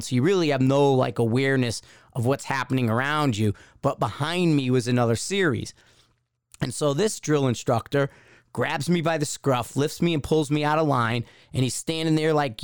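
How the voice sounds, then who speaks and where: A man hosts a podcast and tells a personal story in a loose, rambling way, slipping into the voices of the people in it. His voice is smooth and clear at a middle pitch. The recording is dry and close, with no room echo. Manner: rambling anecdote with acted-out quotes. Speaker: podcast host. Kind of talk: casual storytelling.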